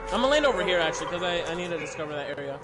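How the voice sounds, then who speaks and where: A man's voice: on the high side, expressive, very fast, over music. A young man talking hesitantly with many fillers while playing a game with friends. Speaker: gaming friend. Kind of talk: casual gaming chat.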